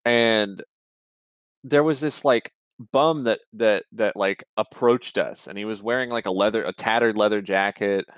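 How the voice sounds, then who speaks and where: A young man spins a long rambling tale on a podcast, dropping swear words and restarting his sentences. His voice sits fairly low, and it is recorded on a close mic in a dry, deadened space. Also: measured pace, clear, resonant tone, no echo. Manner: rambling, swears a lot, many fillers and restarts. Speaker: podcast co-host. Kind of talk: casual storytelling chat.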